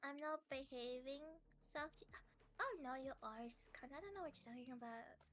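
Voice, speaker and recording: A woman's voice: high voice, animated, normal speed, fairly bright tone. A woman friend on a voice call, chatting casually during a game, giggly and teasing. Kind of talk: casual chat while gaming.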